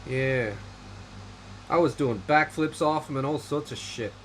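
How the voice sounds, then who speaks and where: A man's voice: fairly high pitch, a little slow, a little hiss or hum, poor audio. A man hosting a casual livestream chat, rambling in a dry, offhand way while reading viewer comments. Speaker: livestream host.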